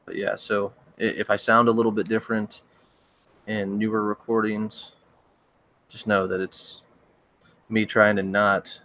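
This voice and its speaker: A young man, a horror story narrator, chatting casually on a livestream, rambling and hesitant, his voice cracking and needing throat-clearing now and then. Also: lowish voice, flat delivery, a little slow, long pauses, fairly bright tone, dry recording. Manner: rambling, hesitant, with many restarts and fillers.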